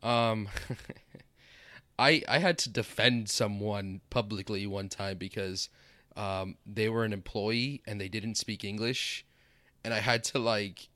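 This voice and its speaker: A man's voice: fairly low pitch, steady tone, slow, a bit bright, no echo, clean studio sound. Wry, teasing man in casual podcast chat. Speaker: podcast co-host.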